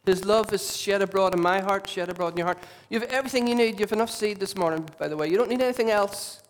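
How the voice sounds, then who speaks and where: A man, a lead pastor preaching a sermon with impassioned, repetitive emphasis and quieter asides. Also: sits high, quick pace. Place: church hall.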